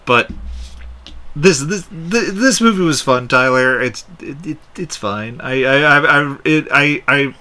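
A man in casual podcast chat, rambling and quick to laugh. His mid-pitched voice sounds very bright. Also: animated. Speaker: podcast co-host.

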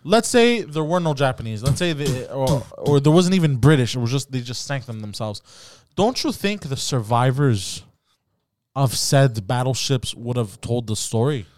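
A man's voice: mid-range voice, expressive, moderate pace, a little mellow. A man hosting a comedy podcast, bantering loosely, swearing, laughing and stumbling over his words. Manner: rowdy, swearing, laughs a lot, stumbles and restarts. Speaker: podcast host.

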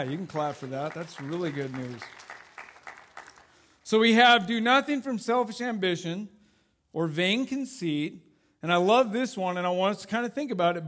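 A man preaching a sermon to a church congregation as a youth pastor, conversational and self-deprecating with plenty of jokes. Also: high-pitched.

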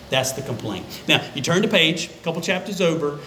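A man preaching a sermon as a pastor, conversational and emphatic, with dramatic pauses. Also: on the high side, lively intonation, sharp tone, a little hiss or hum, poor audio. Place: church sanctuary.

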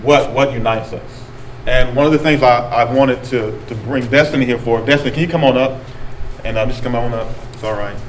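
A man's voice: medium pitch, a little fast, reverberant, distant mic, a little hiss or hum, rough recording. A man from rural North Carolina leading a group workshop, talking casually and reflecting back what the audience says. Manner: conversational, repeats and reflects back answers. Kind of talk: talk with audience discussion. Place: meeting room with audience.

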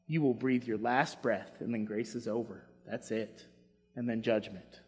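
Husky-voiced man preaching in a reverberant hall. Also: mid-range voice, steady tone, unhurried. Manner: impassioned preaching, drops to quiet asides. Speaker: pastor. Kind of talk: sermon. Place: church sanctuary.

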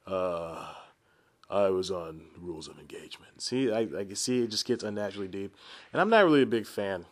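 A man in his twenties hosting a solo podcast, rambling and self-deprecating with frequent laughs and asides. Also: on the low side. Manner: chatty, frequent restarts and asides. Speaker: podcast host.

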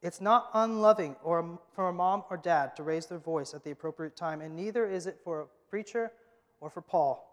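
A man preaching a sermon as the pastor of his church, emphatic and moving from loud to hushed. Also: on the high side, normal speed. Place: church sanctuary. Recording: long hall reverb.

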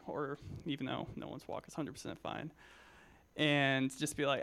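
A man's voice: fairly high pitch, a little slow, creaky, a bit bright. A young man in his twenties giving a casual, joking sermon to young believers, full of personal stories, fillers and restarts. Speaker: Christian speaker at a youth gathering.

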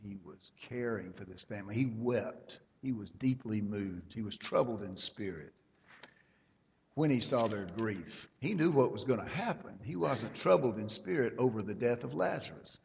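Lo-fi preacher in a reverberant hall. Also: male voice, lowish voice, animated, moderate pace, vocal fry, darkish tone, a little hiss or hum. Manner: emphatic, rising in volume at key points. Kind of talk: sermon. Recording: lo-fi hall recording with long reverb.

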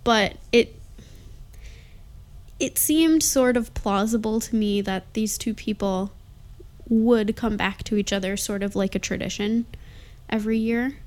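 A woman talking casually about a film, soft-spoken and hesitant, often pausing with ums and hedging her opinions. Her voice sits at an ordinary middle pitch for a woman. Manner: hesitant, lots of fillers, mildly defensive. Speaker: co-host discussing a movie. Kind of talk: casual chat.

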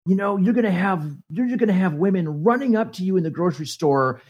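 A man tells a rambling, self-mocking story on a podcast, with lots of false starts. His pitch swings widely as he warms up to the tale. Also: fast talker, husky, dull audio. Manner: animated, stumbling storyteller with lots of restarts. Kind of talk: casual storytelling.

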